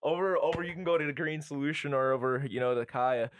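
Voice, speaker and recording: A man co-hosting a casual podcast chat, laughing often and talking excitedly. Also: a little high, quick pace, slight background noise. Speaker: podcast co-host.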